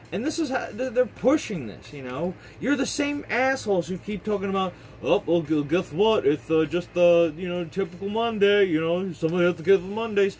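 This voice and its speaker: A man's voice: a little high, slight background noise, low-quality recording. A man vlogging an angry, profane rant, heated and repetitive, swearing often.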